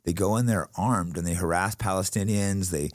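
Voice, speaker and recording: Deep fast-talking blunt man. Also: no room sound, studio quality. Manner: blunt, heated, outspoken. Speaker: podcast host. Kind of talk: casual conversation. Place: podcast studio.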